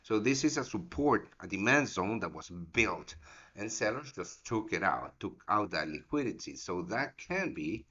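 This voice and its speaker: A man with a low-set but bright, forceful voice talks through live market commentary as a show host, casual and meandering, with the odd curse and a friendly "mate" tossed in. The sound is dull and lo-fi, like stream audio. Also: big pitch swings, measured pace. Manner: casual and rambling, swears, calls viewers mate. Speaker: forex trading show host.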